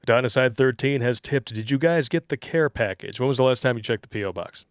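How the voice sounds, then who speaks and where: A man co-hosting a livestream, reading viewer tips aloud and riffing on them with crude, mocking humor. His voice sits at an ordinary middle pitch, recorded close and dry with no room sound. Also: brisk, clean tone, no echo. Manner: crude joking, reads tips aloud, laughs at own jokes. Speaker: livestream co-host reading donor messages. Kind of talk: casual livestream chat.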